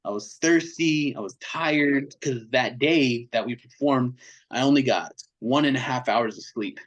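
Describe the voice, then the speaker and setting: Unhurried and mid-range, a man's voice comes through on poor audio. He's a metal band frontman chatting as a podcast guest, animatedly telling a slang-filled story and acting out what people said in other voices.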